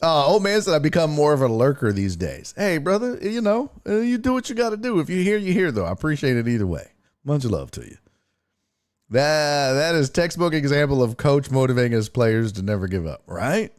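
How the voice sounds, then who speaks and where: A man's voice: a little high, very animated, a little fast. A man hosting a sports talk stream, swearing and laughing as he reacts to game clips. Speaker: sports show host.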